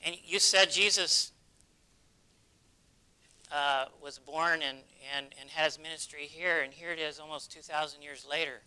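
A man's voice: on the high side, steady tone, unhurried, pushed and bright, smooth, poor audio. A man voicing a grieving, bewildered old village man who pleads through tears.

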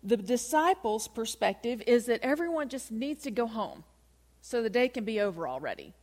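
A woman's voice: fairly high pitch, big pitch swings, moderate pace, a little mellow. A woman giving a conversational Bible teaching, talking through the passage and asking her listeners rhetorical questions. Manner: chatty, asks rhetorical questions.

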